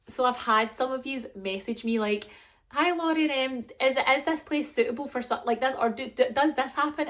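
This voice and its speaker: A woman's voice: medium pitch, fairly bright tone. A young woman, chatting to camera in a rambling, self-mocking way as a vlogger. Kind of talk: casual chat to camera.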